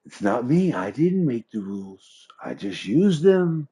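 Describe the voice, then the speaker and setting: A man's voice: medium pitch, sing-song, a little slow, warm tone, husky, pitched above the performer's own voice. A man voicing a smug, boastful male character who brags that he rules by decree, in a pompous, self-satisfied manner.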